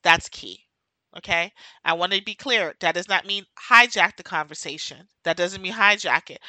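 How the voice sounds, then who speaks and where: A woman's voice: on the low side, moderate pace, pushed and bright, no echo, poor audio. A woman hosting her own podcast, speaking in an emotional, impassioned monologue and hammering her points home by repeating them. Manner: impassioned, emphatic, repeats key phrases. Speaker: podcast host.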